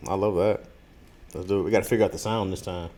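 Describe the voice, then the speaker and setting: A man co-hosting a podcast in casual chat, animated and laughing often, breaking into beatboxing sounds. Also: low voice, quick pace. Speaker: podcast co-host.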